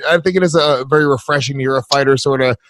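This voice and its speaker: A man's voice: medium pitch, quick pace, a bit bright, a little hiss or hum. A man co-hosting an interview, asking questions with hesitant fillers. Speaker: co-host. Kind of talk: casual interview chat.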